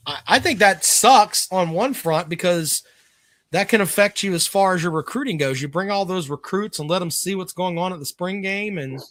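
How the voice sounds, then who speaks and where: A man's voice: on the high side, a bit bright, no room sound. A man co-hosting a casual sports chat show, talking bluntly and swearing freely. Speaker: co-host.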